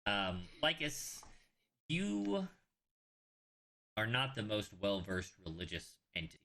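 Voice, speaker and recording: A man's voice: on the low side, very animated, slow, vocal fry, bright, forceful tone. A man acting as game master, explaining rules and narrating scenes in a loose, conversational way.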